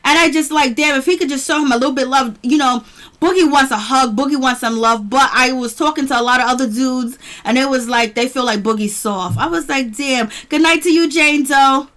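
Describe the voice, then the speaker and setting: This livestream host, from near Boston in the US, talks a little fast in a high, somewhat bright voice. She reviews a reality show in a relaxed live-chat format, laughing often and welcoming viewers by name.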